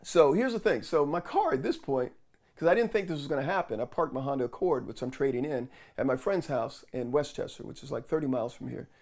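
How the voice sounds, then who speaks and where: This New York man speaks in a mid-range voice at a fairly quick clip. He's vlogging, casually retelling a frustrating story in an animated way, full of quoted back-and-forth dialogue.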